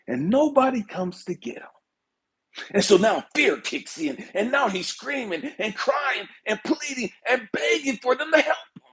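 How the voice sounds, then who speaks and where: A man giving an impassioned spiritual talk, swinging between hushed whispers and shouted pleas. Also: very high voice, lively intonation, unhurried, slightly rough. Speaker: spiritual speaker. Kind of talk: impassioned motivational preaching.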